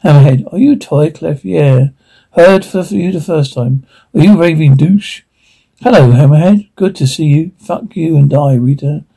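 A man speaking TV drama dialogue in a weary, gruff way, with a gravelly, husky voice. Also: a little high, normal speed, warm tone.

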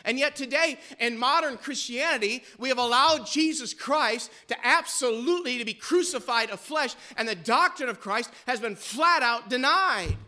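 A man's voice: very high-pitched, normal speed, few pauses, pushed and bright. A male pastor preaching a sermon with fervor, pressing his listeners with rhetorical questions.

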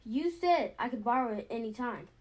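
A woman's voice: on the high side, lively intonation, moderate pace, lightly acted. A woman voicing an eager young boy bear cub cousin in a storybook, speaking meekly and apologetically.

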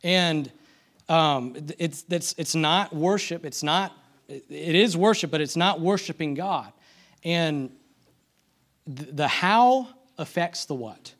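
A man's voice: on the high side, slow pace, fairly bright tone. A man giving a conversational sermon, full of restarts and self-deprecating asides, asking the congregation for amens. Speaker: church speaker.

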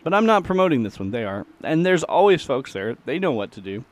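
A man's voice: mid-range voice, very animated, a little fast. A middle-aged man, hosting his own podcast in a casual, folksy, self-deprecating ramble. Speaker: podcast host and musician. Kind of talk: casual solo chat.

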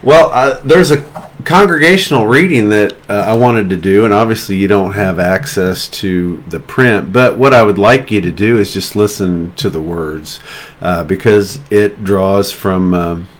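A man preaching as pastor, talking through a passage and then reading scripture aloud in a slow, measured way with emphatic lines of praise. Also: fairly low pitch.

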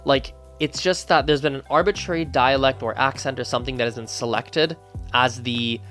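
A man's voice: medium pitch, normal speed, faint music behind. Man thinking aloud on camera. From Canada. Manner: thinking aloud, animated, frequent restarts. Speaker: language-learning YouTuber. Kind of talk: casual talk to camera.

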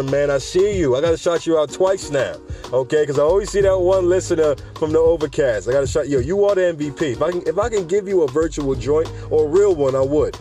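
A man talks casually as a podcast host, easygoing and joking. His pitch sits in the middle range. Faint music plays under his voice. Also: mellow. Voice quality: laid-back and joking, laughs between lines.

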